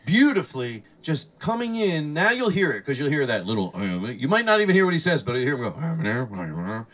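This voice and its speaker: A man hosting a casual comedy chat, telling stories and acting out other people's lines with plenty of swearing. His voice is bright and fairly high, and he sits a little back from the mic. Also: moderate pace, far from the mic. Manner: animated storyteller who acts out quotes, swears often. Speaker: podcast host and comedian.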